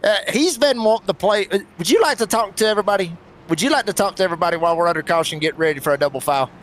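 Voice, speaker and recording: A man's voice: sits high, expressive, fairly bright tone, slight background noise. A man doing play-by-play commentary for a sim race, folksy and chatty with lots of fillers. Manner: folksy, chatty, quick bursts with many fillers.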